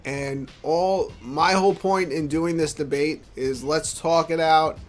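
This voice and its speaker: A drunk man hosting a podcast, trying to calm a dispute between friends. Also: fairly high pitch, a little slow, soft background music. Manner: conciliatory, rambling. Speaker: podcast host. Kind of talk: casual podcast talk.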